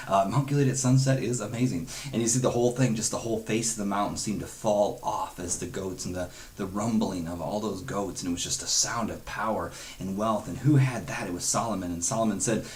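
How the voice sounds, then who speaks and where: A man's voice: on the low side, fairly quick, hardly any pauses. A man leading a devotional Bible study, earnest and conversational, dropping in chuckles and quoted asides.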